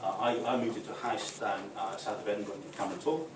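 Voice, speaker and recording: A man's voice: fairly low pitch, fairly even intonation, quick pace. A man doing a live stand-up set, rambling and conversational with lots of "right?" asides. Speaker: stand-up comedian. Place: football club function room, live audience. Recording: echoey room from far off, noisy.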